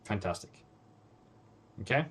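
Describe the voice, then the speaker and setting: A bit bright and measured, the voice belongs to a man whose first language is Norwegian and who hosts a live forex trading stream. He doesn't soften his scolding, repeating phrases for emphasis.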